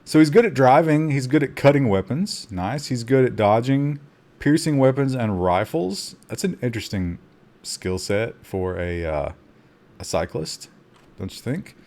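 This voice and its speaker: Slow-talking man narrating a game. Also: mid-range voice. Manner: excitable, gasping reactions between calm asides; talks to chat. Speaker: streamer playing a survival game. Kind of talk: live game commentary.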